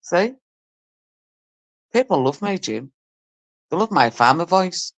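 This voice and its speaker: Lively chatty middle-aged woman. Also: fairly low pitch, takes it slowly. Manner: chatty and storytelling, mimicking people she talks about. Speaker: live stream host. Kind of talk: casual live-stream chat.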